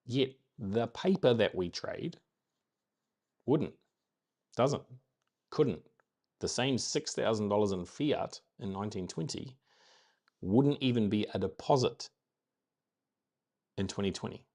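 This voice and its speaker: A New Zealand man with a fairly low voice hosts a relaxed morning live stream. He chats in an upbeat, rambling way and circles back to repeat his main points for emphasis. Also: takes it slowly, pauses often. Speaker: host of a daily live stream. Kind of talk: casual motivational live-stream chat.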